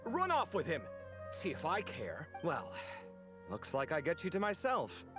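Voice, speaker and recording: An actor voicing an expressive, easily indignant young architect in a game, full of quick banter. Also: male voice, on the high side, over music. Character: dramatic, sociable young male architect. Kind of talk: game voice acting.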